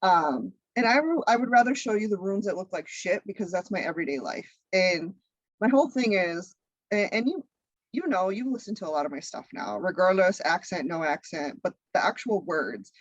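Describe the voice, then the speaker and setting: A woman guest on a podcast, a content creator and comedian, talking in a blunt, profane, animated way. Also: fairly low pitch, normal speed, no room sound, lo-fi sound. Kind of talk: casual interview chat.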